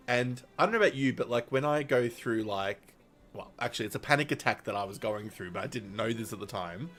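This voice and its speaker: A man's voice: on the low side, fairly bright tone. A man streaming, telling a long personal story in casual, rambling talk full of fillers and little laughs.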